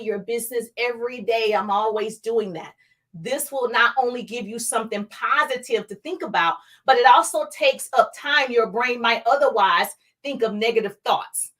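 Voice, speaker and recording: A woman with a high, bright, forceful voice coaches her viewers through a motivational livestream. She talks with emphatic energy and drives her points home by repeating them, speaking directly to the people watching. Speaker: business coach.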